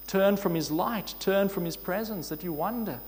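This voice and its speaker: A man preaching a sermon in an earnest, measured way, asking his listeners questions. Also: high voice, a little mellow, slight background noise. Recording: long hall reverb.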